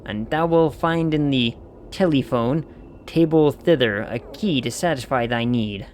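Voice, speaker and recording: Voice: mid-range voice, unhurried, darkish tone, slight background noise, natural voice. A streamer doing a stately archaic landlord. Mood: formal. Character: formal old-fashioned landlord speaking archaic English. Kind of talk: voicing game characters on stream.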